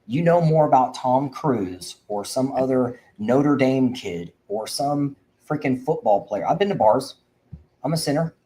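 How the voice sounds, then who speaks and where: A man's voice: mid-range voice, lively intonation, measured pace, dark tone, a little hiss or hum, rough recording. A man hosting a livestream for veterans, preaching fervently and rambling with frequent restarts. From Indiana. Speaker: veteran advocate host. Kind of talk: livestream talk.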